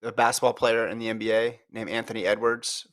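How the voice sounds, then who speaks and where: A man's voice: on the low side, little pitch movement, brisk, a bit bright. An American man co-hosting a podcast, telling stories with laughs and analysing a marathon in casual chat. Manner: laughing, storytelling. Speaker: podcast co-host.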